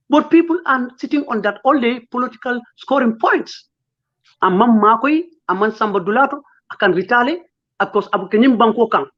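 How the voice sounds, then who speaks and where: A lawyer from Gambia, speaking as an interview guest, talks with emotional, pleading passion and fires off rhetorical questions. His voice is very high with a fairly bright tone, and the recording has a dull lo-fi sound.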